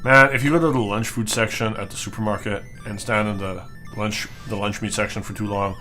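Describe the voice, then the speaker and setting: A man co-hosting a retro game review, talking in a drawn-out, laid-back deadpan way. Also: on the low side, soft background music. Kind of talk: casual game commentary.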